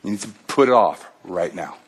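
A man voicing a stern male angel who speaks slowly, calmly and firmly. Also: low voice, slightly rough, pitched below the performer's own voice. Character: stern fiery male angel, calm and relentless.

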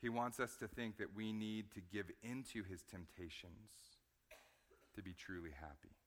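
A man preaching a sermon, moving between hushed low stretches and loud emphatic points, often repeating words as he stresses them. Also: moderate pace, a little hiss or hum. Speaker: pastor.

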